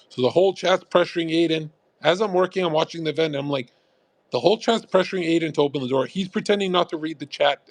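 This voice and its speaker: A man's voice: a little high, creaky, dry recording. A man streaming live, ranting to his chat in a blunt, profane, rambling way. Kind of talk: casual livestream rant. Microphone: USB condenser mic.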